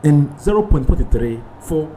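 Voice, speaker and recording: A man's voice: on the high side, lively intonation, normal speed, warm tone, a little hiss or hum, poor audio. A man analysing a football match as a pundit, switching between Twi and English and citing statistics. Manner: explanatory, citing stats, code-switching. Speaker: studio pundit.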